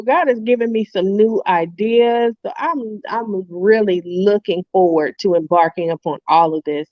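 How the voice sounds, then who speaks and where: Animated woman telling stories over a muffled call. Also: mid-range voice, no room sound. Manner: lively storyteller, acts out quoted voices, laughs often. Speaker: guest author and entrepreneur. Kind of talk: casual interview chat.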